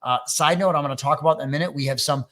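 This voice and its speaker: A man's voice: fairly high pitch, rapid-fire, fairly bright tone. A man from Wisconsin hosting a business coaching webinar, talking loosely and joking with fillers. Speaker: webinar host and MSP coach. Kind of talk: energetic webinar talk.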